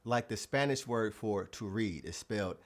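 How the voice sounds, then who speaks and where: Male language teacher, lowish voice, scripted lesson delivery, slows down on example words. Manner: clear, deliberate, stretches out example words. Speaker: Spanish teacher.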